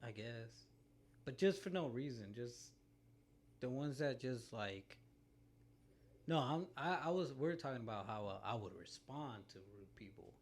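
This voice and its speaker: A man's voice: mid-range voice, lively intonation, measured pace. Young male co-host, laid-back and rambling, casual profanity, filler-heavy chat.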